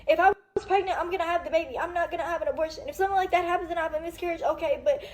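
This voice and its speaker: A woman's voice: very high-pitched, racing. A young woman in her twenties giving a tearful, rambling and blunt account of her own experience. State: crying. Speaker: celebrity venting on social media. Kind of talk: emotional personal account.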